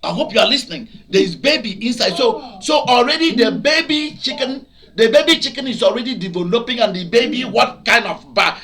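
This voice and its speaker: A Nigerian man preaching, his voice sitting high with a bright, forceful edge. He tells his stories in an animated way, rising into shouts and laughter as he drives each point home. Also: brisk. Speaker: pastor. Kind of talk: preaching to a broadcast audience.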